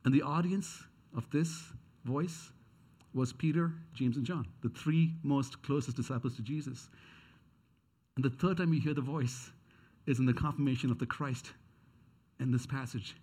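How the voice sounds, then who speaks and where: A man's voice: mid-range voice, normal speed, a little mellow, husky. A man preaching a sermon as pastor. He speaks earnestly and repeats his key questions for emphasis.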